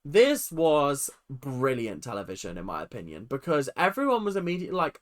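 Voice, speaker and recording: A young man casually ranting through a reality TV recap, chatty and animated, mocking people with quick impressions. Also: mid-range voice.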